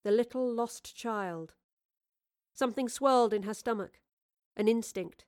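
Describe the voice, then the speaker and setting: A woman's voice: fairly high pitch, unhurried, pauses often. Woman narrating an audio drama. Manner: expressive, clear storytelling.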